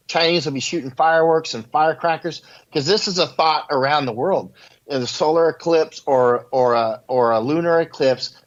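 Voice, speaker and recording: A man telling rambling stories as a guest in a casual interview, laughing at his own anecdotes. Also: on the high side. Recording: dull lo-fi audio.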